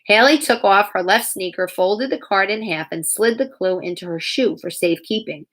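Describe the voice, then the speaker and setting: Female narrator reading a kids' novel aloud; animated, plays every character herself. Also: medium pitch, normal speed. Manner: acts out characters with lively voices. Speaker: reader.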